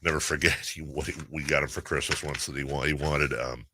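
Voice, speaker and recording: A middle-aged man hosting sports talk radio, telling stories in a casual, animated way. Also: rumbling low, brisk, breathy edge, dry recording. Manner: animated storyteller, puts on voices in quotes. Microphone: studio microphone.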